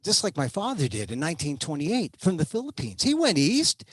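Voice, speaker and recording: A man's voice: on the high side, wildly swooping pitch, brisk, husky, dry recording, clean studio sound. A man in his sixties from San Francisco, telling a personal story with wry, self-mocking humor and frequent "uh" restarts. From San Francisco, United States.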